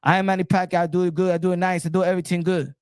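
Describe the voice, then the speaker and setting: A man's voice: high-pitched, level tone, rapid-fire, clear, resonant tone, no room sound, studio quality, close to an everyday voice. A man doing an impression of a swaggering champion boxer who boasts in broken English. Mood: proud.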